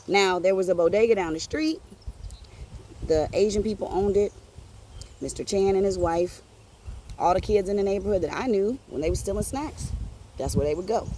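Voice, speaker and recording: A woman telling a personal story on her podcast in an animated, profane, streetwise way. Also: on the low side, slight background noise. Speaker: podcast host.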